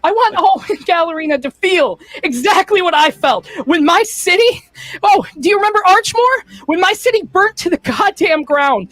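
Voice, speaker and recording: A woman's voice: a little high, lively intonation, normal speed, dry recording, pitched above the performer's own voice. A woman voicing a vengeful, taunting woman villain in a tabletop game. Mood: bitter. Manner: taunting, mocking.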